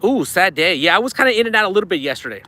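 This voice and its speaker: This fishing livestream host talks from outdoors on a riverbank, going through super chats in a chatty, thankful, somewhat breathless way. He speaks very fast and very animatedly, his voice sitting high with a sharp edge.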